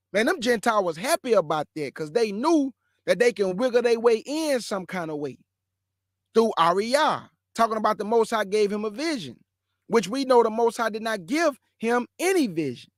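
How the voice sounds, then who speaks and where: A man's voice: sits high, expressive, moderate pace, no echo, clean studio sound. A man hosting a livestream, speaking in a brash, mocking way and repeating lines for emphasis. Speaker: host of a livestream show. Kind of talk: livestream commentary and preaching.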